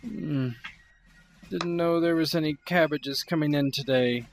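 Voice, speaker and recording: A man's voice: a little high, measured pace, a little hiss or hum, pitched above the performer's own voice. A man playing a curt, suspicious redcoat soldier. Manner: curt, probing questions. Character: suspicious male redcoat soldier checking papers.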